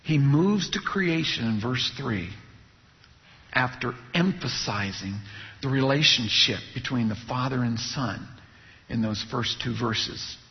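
A man preaching an expository sermon, teaching in a measured way and asking his listeners rhetorical questions. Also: mid-range voice, animated. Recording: muffled recording with long hall reverb.

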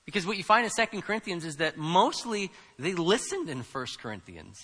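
Male pastor, slightly high and very bright voice, emphatic conversational sermon, long reverb of a church hall. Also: very animated, fairly quick, slightly rough. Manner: conversational, emphatic preaching with rhetorical questions.

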